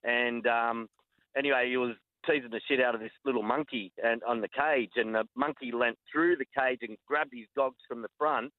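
A man's voice: medium pitch, steady tone, normal speed, dry recording. An Australian man rings in to a radio show, hesitant and full of uhs as he spins his yarn. He comes through a thin, tinny phone line. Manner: hesitant, lots of uh, chuckles. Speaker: caller. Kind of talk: phone-in chat.

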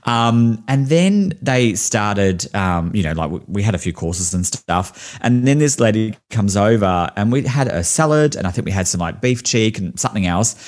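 A man's voice: lowish voice, normal speed, few pauses. A man on a podcast, telling an amused, theatrical anecdote in casual chat. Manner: animated, amused, theatrical retelling. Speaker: podcast co-host.

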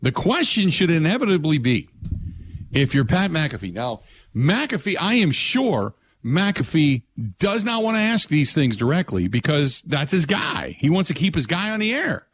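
Animated male sports radio host. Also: normal speed, a little hiss or hum. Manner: animated, mocks others in high put-on voices. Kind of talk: casual sports talk radio.

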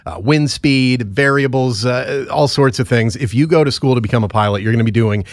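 A man's voice: medium pitch, brisk, dry recording, studio quality. A man hosting a casual morning podcast, rambling and joking with his producer, with plenty of fillers. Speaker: podcast host. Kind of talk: casual morning show chat.

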